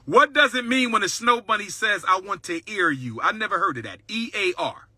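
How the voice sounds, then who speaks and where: A man hosts a livestream with a high, very bright, cutting voice. He talks boldly and boastfully in a preaching cadence, hammering his points by repeating them. The sound is dry and close, with no room around it. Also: expressive, a little fast, slightly rough, no room sound. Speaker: livestream host. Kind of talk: livestream talk.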